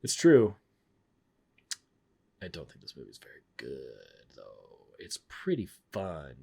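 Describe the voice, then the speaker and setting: A film-reviewing streamer chats casually in a deep, gravelly, warm voice that's slightly rough, with huge pitch swings and a slow pace. He's blunt and rambling, often cutting himself off mid-sentence.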